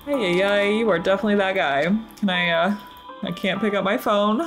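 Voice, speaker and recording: A woman in the middle of a let's play, thinking out loud and reacting nervously to what happens on screen. She talks straight to the characters in a mid-range voice. Game music plays clearly behind her. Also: mid-range voice, fairly quick. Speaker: gaming channel host.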